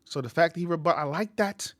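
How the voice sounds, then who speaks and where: Bright-voiced man hosting reaction commentary. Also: a little high, fast, dry recording, clean studio sound. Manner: animated, repeats phrases for emphasis; breaks into loud excited outbursts. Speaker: reaction channel host.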